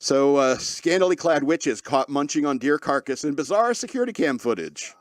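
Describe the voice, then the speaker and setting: A man's voice: a little high, animated, moderate pace, no echo, clean studio sound. A man hosting a podcast, joking sarcastically through news stories and laughing often mid-sentence. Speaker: podcast host. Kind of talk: casual comedic commentary on news.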